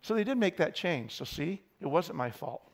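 A man's voice: a little high, big pitch swings, moderate pace, noisy background. A man preaching a sermon, telling candid, self-deprecating stories to his congregation.

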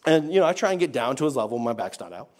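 A male pastor preaching a sermon in a chatty, animated way with laughing asides. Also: medium pitch, racing.

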